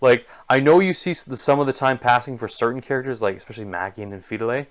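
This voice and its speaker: A man's voice: medium pitch, fast. A man giving a casual spoken book review, enthusiastic and gushing, with lots of filler words.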